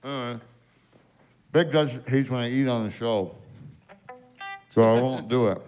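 A man's voice: mid-range voice, measured pace, a little mellow, faint music behind. A man hosting a late-night show, bantering bluntly and swearing freely. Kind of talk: casual on-air banter.

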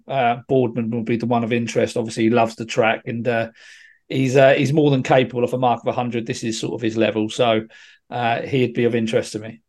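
A man's voice: mid-range voice, darkish tone. A man from Britain giving horse racing tips on a podcast, hesitant and full of restarts. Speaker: racing tipster. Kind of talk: casual racing tips chat.

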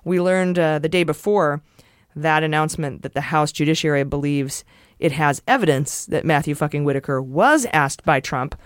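A woman's voice: low voice, moderate pace, smooth, dry recording, studio quality. A woman co-hosting a political podcast, talking casually in a blunt, profane, sarcastic way. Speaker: podcast co-host.

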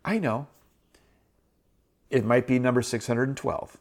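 A man's voice: medium pitch, little pitch movement, a little fast. A middle-aged man hosting a show, giving an earnest, encouraging Bible teaching and repeating phrases for emphasis. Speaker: host.

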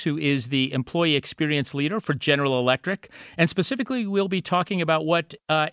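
A man hosting a podcast interview, polite and gracious, with many filler pauses as he frames his questions. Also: a little high, a bit bright, clear, resonant tone, dry recording, clean studio sound. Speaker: podcast host.

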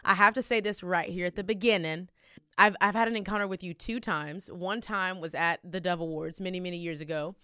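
Loud, bright-voiced Texan woman host. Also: fairly low pitch, fairly quick, clean tone, no room sound, clean studio sound. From Texas. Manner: loud, energetic and emotional. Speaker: podcast host. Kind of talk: casual podcast chat.

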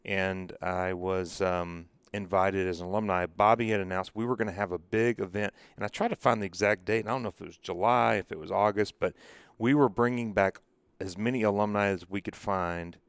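A man who is a retired ballplayer, chatting casually and telling stories in a measured, reflective way. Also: low-pitched, steady tone, vocal fry, clean tone, no echo. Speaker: retired ballplayer, podcast co-host. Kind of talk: casual chat.

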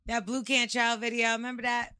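A woman's voice: fairly high pitch, flat delivery, fairly quick, sharp tone, clean tone, dry recording, studio quality. A woman co-hosting a podcast in casual chat, speaking frankly and leading the segments. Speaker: podcast co-host.

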